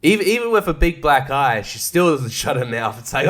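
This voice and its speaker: A man's voice: a little high, very animated, brisk, fairly bright tone. A young man hosting a casual solo podcast, rambling, swearing a lot and laughing often. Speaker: podcast host.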